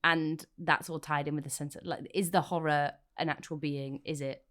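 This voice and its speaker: A woman's voice: deep voice, fairly even intonation, moderate pace, fairly bright tone. A woman co-hosting a film podcast, chatting casually in a playful, opinionated way. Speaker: podcast co-host. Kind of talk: casual film-review chat.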